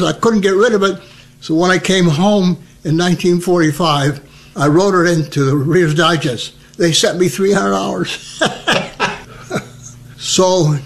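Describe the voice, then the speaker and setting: Chatty elderly man telling stories. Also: fairly high pitch. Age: older. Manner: chatty and humorous, acts out quoted voices. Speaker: veteran interviewee. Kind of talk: personal storytelling.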